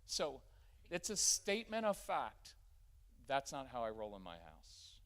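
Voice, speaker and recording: A middle-aged man giving a live workshop talk in a church, energetic and conversational. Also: mid-range voice. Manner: energetic and conversational, acting out quick family scenes. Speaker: parenting workshop speaker. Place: church gathering with a live audience.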